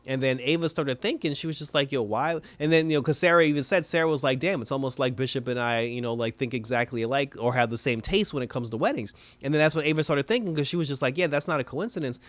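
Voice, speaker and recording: A man's voice: medium pitch, no echo. A man hosting a casual TV review, retelling an episode with quoted character lines and frequent laughter. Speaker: TV review host.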